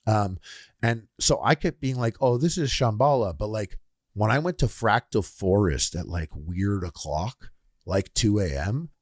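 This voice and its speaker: A man's voice: lowish voice, a little slow, no echo, clean studio sound. A man co-hosting a casual podcast, telling a long rambling story with lots of "like" and acting out the sounds and voices in it. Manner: rambling, animated storytelling full of "like"; acts out sounds and quoted voices while telling stories. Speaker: podcast co-host.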